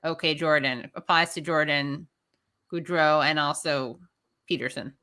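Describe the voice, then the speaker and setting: Woman podcast host: bright, low-pitched, chatty interjections. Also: fairly even intonation, unhurried. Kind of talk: casual chat.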